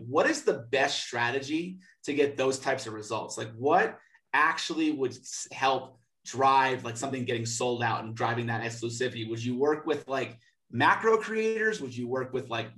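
A man's voice: mid-range voice, fairly bright tone, far from the mic. A young adult man co-hosting a podcast in casual chat, easygoing and full of filler words. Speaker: podcast co-host. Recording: roomy, echoey sound.

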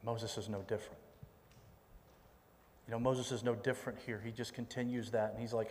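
A man's voice: medium pitch, little pitch movement, fairly quick, long pauses, darkish tone, slight background noise. A middle-aged man preaching a sermon as a pastor, talking conversationally, repeating himself, and dropping folksy asides. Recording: long reverb in a large hall.

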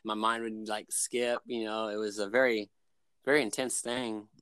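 A man's voice: on the low side, flat delivery, normal speed, fairly bright tone, clear, resonant tone, dry recording. A man, a guest on the show, telling a personal story in a casual, rambling way, full of fillers and restarts.

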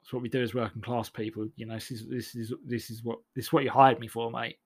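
A man's voice: mid-range voice, flat delivery, fast, breathy edge. A man with a mid-range voice rambles through a sardonic comic monologue. He often stumbles and restarts his phrases, keeping a dry, mocking edge.

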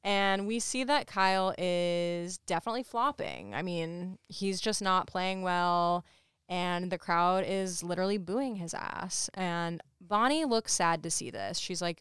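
A woman's voice: on the low side, unhurried, clean tone, no room sound, clean studio sound. Woman podcast host recapping with laughs. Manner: laughs often, animated retelling with quoted voices. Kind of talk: casual chat recapping a movie.

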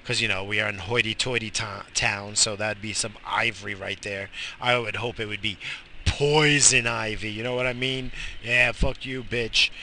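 A man ranting profanely while driving his car, shouting in bursts at cyclists and other drivers. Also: on the low side, fairly even intonation, normal speed, a little hiss or hum. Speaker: vlogger.

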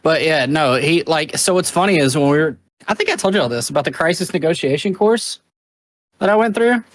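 A man's voice: on the high side, animated, brisk, dry recording. A man from Louisiana, a podcast co-host, telling stories in casual chat with lots of swearing and laughter. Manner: profane, laughing storyteller.

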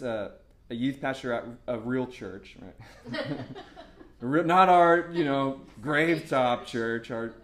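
A man preaching a casual sermon, chatty and full of fillers and repeated words, bursting into excitement as he tells stories. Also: medium pitch. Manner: storytelling with sudden excited outbursts. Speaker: pastor.

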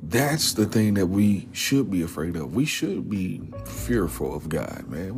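A man's voice: low voice, sing-song, measured pace, few pauses, darkish tone. A man giving an informal, earnest devotional talk. He often drops to a whisper on key words and casually keeps saying "man". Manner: casual, repeatedly says "man". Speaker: Christian speaker. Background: music.

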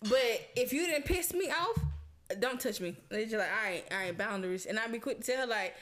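A fairly high-voiced woman in casual conversation, blunt and profane, acting out both sides of an argument in an animated way. She talks freely among friends. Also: moderate pace, soft background music. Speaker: co-host. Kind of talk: casual chat.

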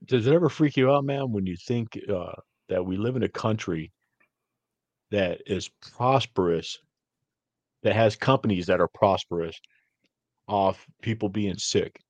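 Rambling, low-voiced middle-aged man. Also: unhurried, long pauses, no room sound. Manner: rambling, animated storytelling with frequent "man" and "dude". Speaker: podcast host. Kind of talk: casual chat.

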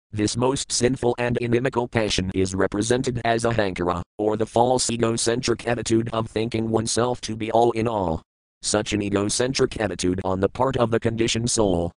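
Man reading scripture aloud, measured and dry. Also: lowish voice, dry recording, rough recording. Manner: measured, methodical recitation of verse, word meanings and commentary. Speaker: scripture reader. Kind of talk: reading scripture verses with translations.

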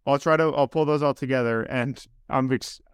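A man hosts a relaxed podcast with a smooth, resonant voice. He talks in loose, self-correcting bursts and laughs often. The sound is dry and close. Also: mid-range voice, normal speed, no room sound. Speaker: podcast host. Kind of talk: casual podcast chat. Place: on camera on a video podcast.

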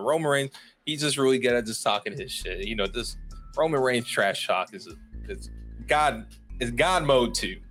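A man talks through a casual solo podcast, rambling and stopping himself with fillers and apologies. His pitch sits in the middle range for a man. Faint music plays behind him. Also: fairly bright tone. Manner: rambling and self-interrupting, heavy on fillers and apologies. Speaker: podcast host.

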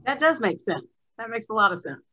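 A woman's voice: a little high, sing-song, a little fast, pushed and bright, rough recording. A woman asking earnest, searching questions in a discussion over a video call.

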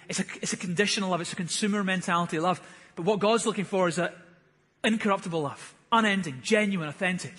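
A man in his thirties preaches from the front of a church hall, his voice pitched fairly high with a touch of huskiness. He speaks earnestly and builds to fervent, emphatic bursts. Long reverb from the hall trails every phrase. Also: quick pace, a bit bright, husky. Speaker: pastor. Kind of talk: sermon.

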